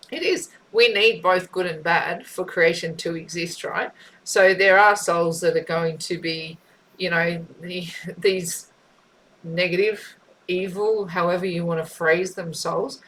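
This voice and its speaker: Woman doing a tarot reading, lowish voice, rambly and reflective, faint hum behind. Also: fairly bright tone, rough recording. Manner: musing, repeats herself, asks 'right?'. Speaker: tarot reader.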